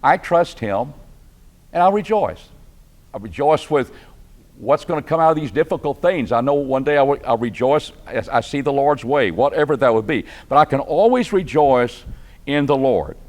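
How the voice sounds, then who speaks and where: Texan preacher with a lively voice. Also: male voice, medium pitch, moderate pace. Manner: conversational, asks the class questions. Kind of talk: Bible class teaching. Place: church classroom.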